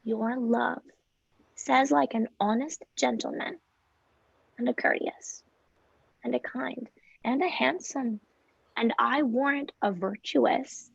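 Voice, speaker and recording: A woman's voice: on the high side, slow, gravelly, pauses often, breathy edge, no echo, dull audio, heavily acted. A woman reading the part of a weary, teasing old nurse in a table read of a play, complaining with groans and whispered asides.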